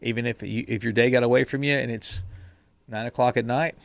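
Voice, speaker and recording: A podcast co-host with a creaky, mid-range voice speaks briskly in a steady tone. Casual and blunt, he talks about discipline and sticking to a plan, swearing mildly and repeating words whenever he restarts.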